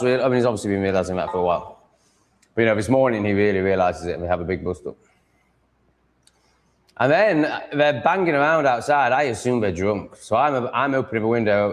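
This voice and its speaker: Low-voiced male vlogger, home setting, foul-mouthed and exasperated, rambling casual monologue. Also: expressive, brisk. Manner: sweary, exasperated ranting. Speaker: vlogger setting up a live stream.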